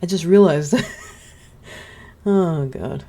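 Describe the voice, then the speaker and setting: A woman's voice: deep voice, measured pace, dark tone, a little hiss or hum. A woman giving casual gameplay commentary, chatty and giggly with playful suspicion. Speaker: gaming channel host.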